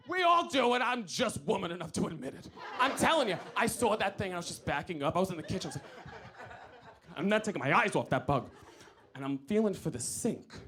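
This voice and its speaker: A stand-up comedian from New York with a New York accent, telling a story in an animated, loud way with shouted outbursts. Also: male voice, on the high side. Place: comedy club stage. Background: audience laughter.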